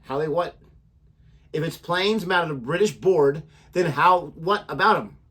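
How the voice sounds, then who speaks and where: Husky joking man. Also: on the high side, measured pace, fairly bright tone. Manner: joking, rambling, laughs often. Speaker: reaction channel co-host. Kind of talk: casual chat.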